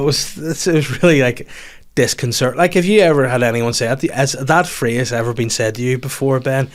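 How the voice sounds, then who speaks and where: Northern irish guy on a podcast, telling a funny story, laughs a lot, does silly high voices for quotes, mid pitch. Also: a little fast. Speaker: podcast host. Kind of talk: casual comedic storytelling.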